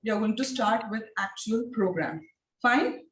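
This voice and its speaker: A woman training teachers in phonics. She speaks in an encouraging way and drills each sound slowly and repeatedly. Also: a little high, lively intonation, background noise. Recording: echoey room, distant mic.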